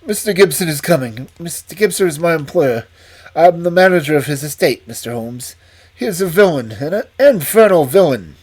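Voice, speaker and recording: A man's voice: a little high, lively intonation, normal speed, a little mellow, husky. A man reading aloud and voicing a nervous, frightened male estate manager who speaks in urgent, breathless bursts. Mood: agitated.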